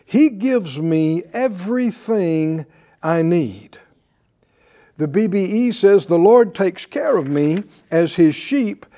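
Male pastor, fairly high mellow voice, emphatic call-and-response sermon in church. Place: church before a live congregation.

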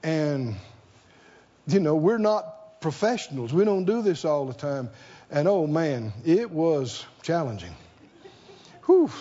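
A man's voice: fairly high pitch, mellow, lo-fi sound. A man preaching a sermon, emphatic and fond of rhetorical questions.

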